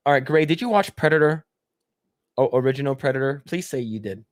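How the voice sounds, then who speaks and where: A man's voice: medium pitch, expressive, a little fast, no echo, studio quality. A man hosting a casual podcast, reading chat comments aloud and rambling with frequent swearing and laughter. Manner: rambling, profane, laughs often.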